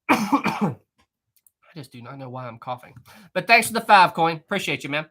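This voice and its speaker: Jokey Southern man with a lively voice. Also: a little high. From West Virginia. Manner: jokey, chatty, quick to laugh. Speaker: history livestream host. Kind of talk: casual live-stream chat reading viewer comments.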